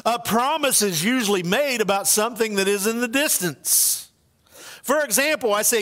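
High-voiced man preaching in a reverberant church. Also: sing-song, moderate pace, pauses often. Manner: earnest, conversational preaching with swings between soft and emphatic. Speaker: pastor. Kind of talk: sermon. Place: church sanctuary.

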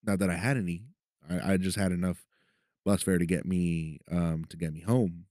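A man's voice: low voice, fairly even intonation, moderate pace, a little mellow, dry recording, clean studio sound. A man hosting a podcast, telling a personal story in a profane, conversational way and often asking "right?". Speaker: podcast host. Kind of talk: casual storytelling. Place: city of Los Angeles.

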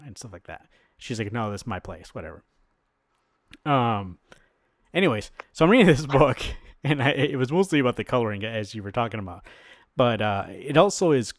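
Speaking at a normal speed with a medium-pitched voice, this man is heard in a dry, studio-quality recording. As a podcast co-host, he walks through a comic book story in a relaxed way, voicing the characters' quotes with flair and dropping the occasional curse.

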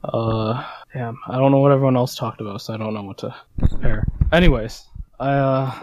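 A man's voice: mid-range voice, brisk, noisy background. A man chatting hesitantly on a call, with a mumbling delivery. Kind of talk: casual chat.

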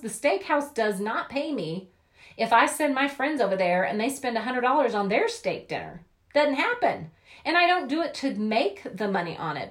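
With a fairly high-pitched voice, a woman delivers an upbeat, chatty motivational talk on network marketing, frequently acting out the voices she quotes.

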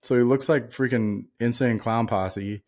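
A man's voice: medium pitch, fairly even intonation, measured pace, darkish tone. Blunt, ranting man on a podcast. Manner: blunt, ranting, swears freely. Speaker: podcast co-host. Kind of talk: casual chat.

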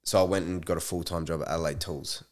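A man in his twenties with an Australian accent, a podcast guest telling animated stories in casual chat and swearing freely. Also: low voice, fast talker.

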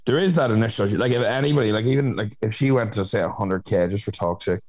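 A man talks quickly in a fairly low voice, rambling through his points. He stacks up fillers as he goes and speaks frankly in relaxed conversation. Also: crowd noise. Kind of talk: casual chat.

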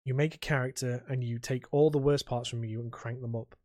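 A man co-hosting a podcast in a casual, rambling chat, full of halting restarts. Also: mid-range voice, steady tone, darkish tone, no echo, clean studio sound. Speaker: podcast co-host.

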